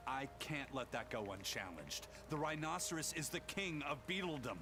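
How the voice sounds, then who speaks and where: A man's voice: fairly high pitch, very animated, moderate pace. An actor voicing a proud, stubborn grown male pirate in a video game, dramatic and argumentative. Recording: game audio with ambient noise.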